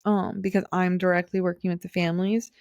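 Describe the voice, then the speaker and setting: A woman's voice: on the low side, little pitch movement, brisk, darkish tone, no room sound, studio quality. A young adult woman hosting her own podcast, talking in an earnest, rambling monologue full of fillers and restarts. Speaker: podcast host. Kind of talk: casual personal monologue.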